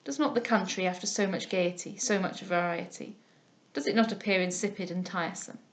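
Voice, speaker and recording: A woman reading aloud, voicing an elderly male guardian who speaks softly, mildly and solemnly. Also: lowish voice, a little fast, lightly acted. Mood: grave. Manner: soft, mild, solemn speech.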